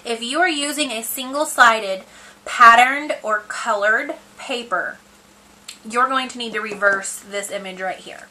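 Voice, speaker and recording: A woman crafter walks through a paper box project in a relaxed home tutorial, giggling at herself amid plenty of ums and likes. She speaks at a measured pace, her voice high-leaning, pushed and bright. The audio is poor.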